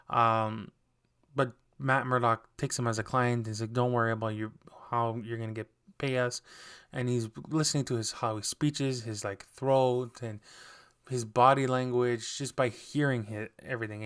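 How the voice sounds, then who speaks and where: A man's voice: mid-range voice, a bit bright, clean tone. Casual rambling male podcast host. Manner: rambling, many fillers and restarts. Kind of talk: casual episode recap.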